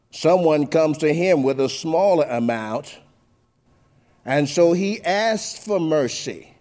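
A man preaching a sermon, reading scripture and calling his listeners "folks", with a sing-song cadence that swings between soft, low passages and loud, emphatic bursts. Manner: keeps addressing listeners as folks.

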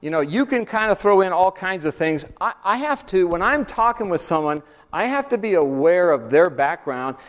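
A man teaching a church Bible class, talking through an outline in a conversational way and pressing hard on key points. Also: high voice. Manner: conversational, rising emphatic when stressing points.

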